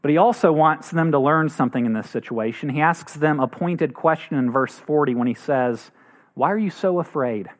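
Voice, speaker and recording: A man's voice: a little fast, hardly any pauses. A man preaching a sermon as pastor, earnest, acting out quoted voices now and then. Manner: earnest, acts out quoted voices with rising pitch.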